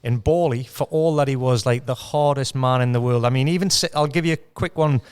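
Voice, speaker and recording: A middle-aged man from North East England telling animated anecdotes in a casual chat. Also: mid-range voice, fairly quick, clean tone. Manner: animated anecdotes, quotes others. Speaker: podcast guest, ex-footballer.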